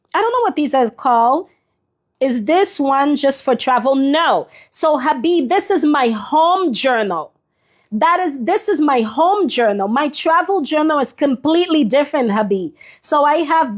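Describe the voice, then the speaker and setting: A woman hosting a live journaling stream, chatting casually as she shows her pages and answers viewers by name, a little sniffly. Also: high-pitched. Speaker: journaling livestream host. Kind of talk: casual live craft demonstration.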